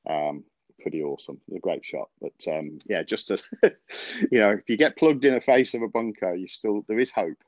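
A man with a very low voice hosts a golf podcast in a relaxed, rambling way, often pausing on fillers. The sound is dry and close, with a dull, lo-fi tone. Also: no echo. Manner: rambling, many fillers and restarts, laughs often. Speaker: podcast host, golf coach. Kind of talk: casual podcast chat, storytelling.

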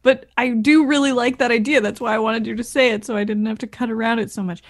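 A woman's voice: on the high side, steady tone, fast. A young adult woman co-hosting a podcast in casual, jokey chat, swearing lightly and laughing often. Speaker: podcast co-host.

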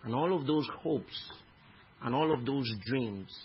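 A Nigerian man preaching a sermon with passion, swinging from hushed tones to shouts. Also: medium pitch, unhurried. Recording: dull lo-fi recording with faint noise.

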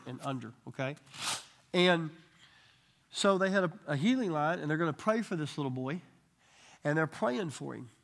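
Teaching a church Bible study group, a man with a somewhat high, gravelly voice tells healing stories with lively energy. He keeps dropping into quick quoted voices.

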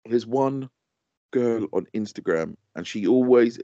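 A man with a mellow, medium-pitched voice speaks a little slowly while co-hosting a podcast. He chats casually and moans good-humoredly about what irritates him, over dry, dull lo-fi audio.

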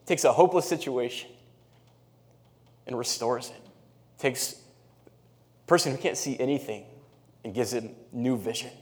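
A man giving a sermon in an easy, conversational way, his voice sitting in a middle male range. He gets animated as he tells the story and reads scripture aloud. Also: mid-range voice, measured pace, pauses often. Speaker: pastor.

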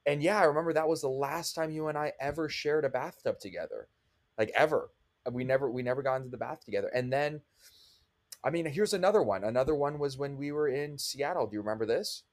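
Young man, older-brother co-host, animated rambling storyteller, mid-pitched voice. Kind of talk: casual chat.

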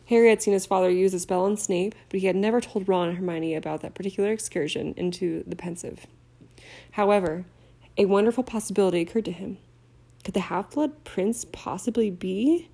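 Woman audiobook reader, warm mellow tone, plain storytelling. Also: medium pitch, fast talker. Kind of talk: reading a novel aloud.

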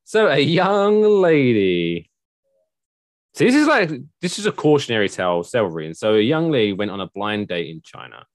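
A man's voice: on the low side, huge pitch swings, quick pace, few pauses, no echo, studio quality. A man hosting a podcast in casual chat, rambling and sarcastic as he tells news stories, swearing freely.

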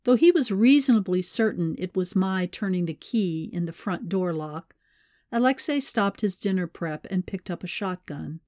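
Brief: woman narrator, lower voice, measured read, very dry booth sound. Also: expressive, a little mellow, no room sound. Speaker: audiobook narrator. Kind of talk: scripted narration.

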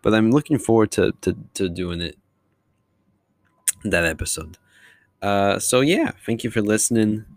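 A man's voice: lowish voice, animated, a little slow, long pauses, no room sound. A man hosting his podcast alone, talking casually in a long-winded, rambling way. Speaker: podcast host. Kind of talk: casual solo monologue.

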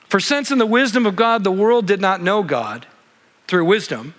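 A man preaches in a church sanctuary, his voice high and bright. He talks conversationally and builds to animated emphasis. A long hall reverb trails his words. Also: unhurried, long pauses. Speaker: pastor. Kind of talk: expository sermon.

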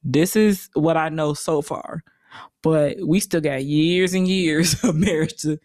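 A woman's voice: deep voice, steady tone, measured pace, a little mellow, no room sound, studio quality. A woman co-hosting a podcast in casual chat, playful and slangy, laughing often. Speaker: podcast co-host.

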